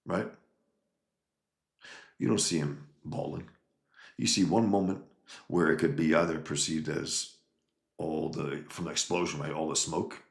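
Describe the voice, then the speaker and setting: A man's voice: a bass voice, gravelly, reverberant. A man hosting a casual livestream, reading viewer comments and talking in an emphatic, rambling way with frequent restarts. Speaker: livestream host reading chat.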